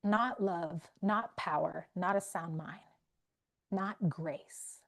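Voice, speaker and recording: A woman's voice: lowish voice, slow pace, vocal fry, fairly bright tone. A woman hosting a live faith coaching session, speaking conversationally and emphatically to her audience. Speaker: faith wellness coach and host.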